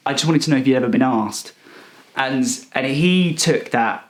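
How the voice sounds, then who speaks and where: A young man telling a rambling, self-righteous comic story in a deadpan, indignant manner. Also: mid-range voice, moderate pace. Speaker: comedic character monologue performer.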